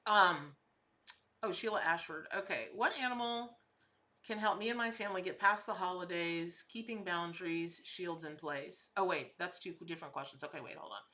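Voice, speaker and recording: A woman's voice: fairly low pitch, moderate pace, pushed and bright. A woman hosting a live tarot stream, reading viewers' questions and talking in a chatty, emotional, effusive way. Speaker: tarot and spirit animal reader.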